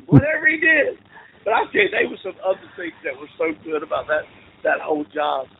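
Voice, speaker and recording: A man's voice: fairly high pitch, very animated, normal speed, creaky. Man telling stories over a tinny line. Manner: rambling anecdotes with laughs and restarts. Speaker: interview guest, football coach. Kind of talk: casual storytelling. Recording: tinny phone-like call audio with faint noise.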